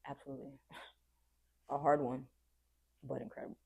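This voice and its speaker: Low, mellow-voiced woman on a podcast. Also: level tone, normal speed, gravelly, breathy edge. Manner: reflective, earnest, acts out quoted voices. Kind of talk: casual podcast conversation.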